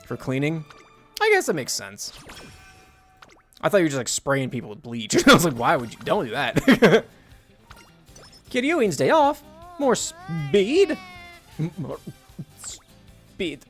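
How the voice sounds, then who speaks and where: A man's voice: a little high, wildly swooping pitch, slow, pauses often, a bit bright, soft background music. A man streaming a game, chatting casually and animatedly, laughing often and swearing now and then. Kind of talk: casual gameplay commentary.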